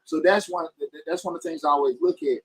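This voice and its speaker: A man hosting a casual call-in podcast, talking in bursts with frequent restarts and emphatic upward pitch jumps. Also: fairly even intonation, fast talker, slightly rough, no echo, rough recording. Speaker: podcast host.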